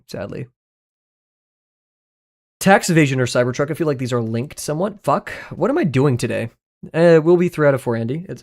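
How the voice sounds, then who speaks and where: A man's voice: medium pitch, a little mellow. A man streaming live, rambling through casual commentary, swearing freely, joking and laughing often.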